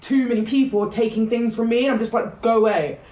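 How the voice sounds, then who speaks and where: A woman's voice: fairly high pitch, steady tone, fast talker, warm tone, roomy sound, a little hiss or hum, rough recording. A woman hosting a podcast in casual chat, enthusiastic and laughing often, with many fillers. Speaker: podcast host.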